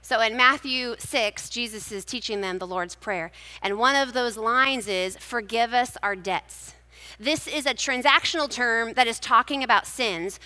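Woman preacher, bright, crisp voice, conversational storytelling sermon, live hall with a long echo. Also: a little high. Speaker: speaker at a church gathering. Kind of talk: personal devotional sermon.

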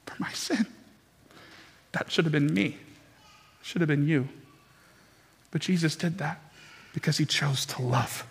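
A man's voice: a little high, measured pace, creaky, long pauses, breathy edge. A man preaching a dramatic, impassioned sermon as pastor to his church. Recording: long reverb from a large hall.

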